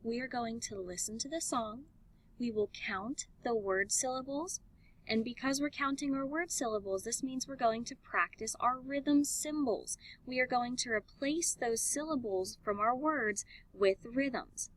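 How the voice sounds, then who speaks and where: Woman music teacher talking real slow and high, faint music behind her. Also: rough recording. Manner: slow, clear, encouraging teacher talk with sung and chanted examples. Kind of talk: elementary music lesson.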